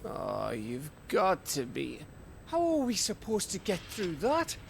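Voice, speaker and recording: A blunt, foul-mouthed soldier talks in a high, very lively voice. He drawls slowly and swears often. Faint noise sits under the game audio. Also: creaky, exaggerated voice. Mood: exasperated.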